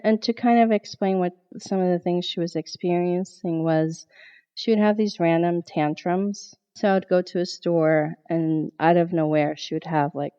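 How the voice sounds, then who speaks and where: Animated woman telling a story, muffled. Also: on the low side, clean tone. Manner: animated, quotes her own past thoughts. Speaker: podcast guest, therapist. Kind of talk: storytelling in a podcast interview.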